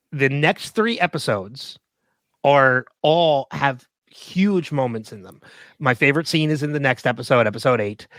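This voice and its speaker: A man's voice: medium pitch, a bit bright, dry recording. A man co-hosting a casual podcast discussion, rambling with lots of fillers and laughing often. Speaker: podcast co-host.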